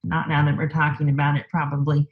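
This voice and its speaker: A woman guest in a conversational interview, telling a personal story in an unhurried way, thinking aloud with lots of fillers. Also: low voice, monotone, phone-quality sound.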